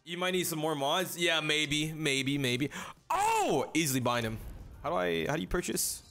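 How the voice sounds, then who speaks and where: A young man streaming a video game, chatting casually with his chat in an excitable, slangy way. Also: a little high, moderate pace, soft background music. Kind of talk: casual live-stream chat while gaming.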